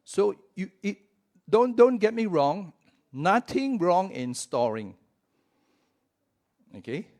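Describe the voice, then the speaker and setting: A man delivering a sermon in a church, speaking at an unhurried, deliberate pace. His voice sits a little high for a man, and he keeps the talk conversational, checking in with his listeners and stretching out the words he wants to stress. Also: very animated, darkish tone. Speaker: pastor.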